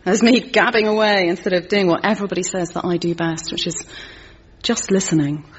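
A woman's voice: fairly low pitch, fairly even intonation, brisk, natural voice. An actress playing an earnest, talkative middle-aged woman who minds a sulky teenage boy and speaks in a carefully formal way. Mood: apologetic. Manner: prim, carefully formal phrasing. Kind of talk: sitcom acting. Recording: slightly muffled TV audio with faint crowd and noise.

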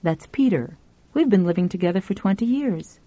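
A woman's voice: medium pitch, animated, normal speed, warm tone, no room sound, dull audio, close to an everyday voice. A woman voicing a stern, querulous older spinster writer.

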